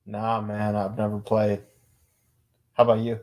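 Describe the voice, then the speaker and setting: A man co-hosting a casual sports podcast, talking in a calm, easygoing way. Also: lowish voice, a little slow. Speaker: podcast co-host.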